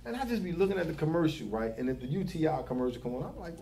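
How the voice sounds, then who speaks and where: A man's voice: a little high, lively intonation, rapid-fire, gravelly, mellow. A young man, a barber giving advice to new barbers in casual, profane chat, repeating his catchphrases. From Philadelphia. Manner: loose, swearing, repeats catchphrases.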